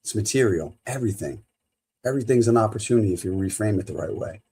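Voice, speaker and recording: A man's voice: lowish voice, animated, fast talker, warm tone, a little hiss or hum. A middle-aged man hosting a solo motivational podcast as a coach, emphatic and repeating his key phrases.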